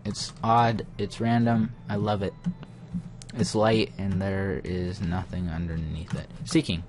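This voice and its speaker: A man's voice: low voice, level tone, slow pace, over music. A young man muttering to himself as he comments casually on his game, getting easily frustrated. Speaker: gaming channel host.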